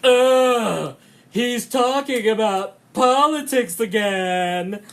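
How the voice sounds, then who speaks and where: A man voicing his mocking adult sister, whose nagging, sneering drawl sounds high and loud. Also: animated, drawn-out words, exaggerated voice.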